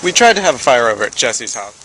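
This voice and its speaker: A man's voice: mid-range voice, very animated, quick pace, sharp tone, slight background noise, rough recording. A young man casually narrating a home video while filming friends at a backyard fire at night, through a camcorder mic. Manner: laid-back, narrating to the camera.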